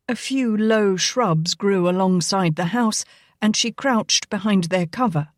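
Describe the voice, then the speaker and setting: In clean studio sound with no room sound, a woman with a voice on the low side narrates a historical romance audiobook. Her scripted delivery is measured, like a storyteller's.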